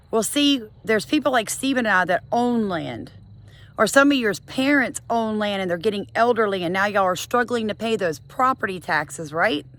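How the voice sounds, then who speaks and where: A middle-aged woman, delivering an exasperated, emphatic scolding monologue to her viewers. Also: a bit bright. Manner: scolding, exasperated, emphatic with sudden high bursts. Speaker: homesteading vlogger. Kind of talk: impassioned monologue to camera.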